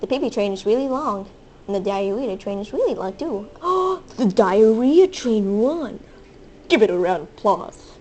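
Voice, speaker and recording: A woman giving excitable, hyper commentary over her own gameplay, squealing and playful. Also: mid-range voice, moderate pace, slight background noise. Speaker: gaming video host.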